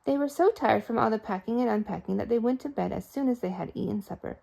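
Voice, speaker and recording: A woman reading a children's storybook aloud, expressive and playful with sound effects. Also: a little high, quick pace, creaky. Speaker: storybook reader.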